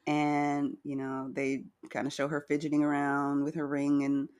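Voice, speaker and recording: A woman co-hosting a casual recap chat, chatty and wry, with a slightly hoarse morning voice. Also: deep voice, monotone, moderate pace, darkish tone. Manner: chatty, wry, retells scenes with quoted lines. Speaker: podcast co-host recapping a reality show.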